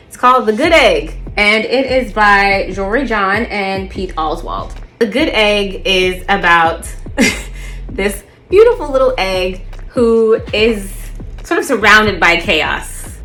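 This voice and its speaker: A woman's voice: mid-range voice, a bit bright. A woman hosting a casual video, talking through children's picture books in a chatty, playful way. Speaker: host. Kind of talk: casual book review chat.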